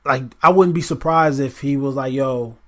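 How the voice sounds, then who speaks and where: A man co-hosting a podcast in casual chat, animated and acting out quotes as he talks. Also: mid-range voice, brisk. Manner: animated, acts out quotes, asks "you see what I'm saying". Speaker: podcast co-host.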